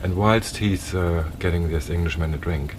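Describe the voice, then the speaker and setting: A man, a boat owner chatting casually and telling a story, often halting and repeating words. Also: low voice, a little hiss or hum. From Germany. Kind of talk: casual chat. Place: on a small sailing boat outdoors.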